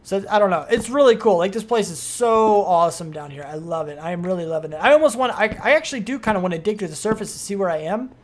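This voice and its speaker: A young adult streamer giving casual, rambling gameplay commentary, excitable and full of fillers. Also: medium pitch, fast talker, hardly any pauses.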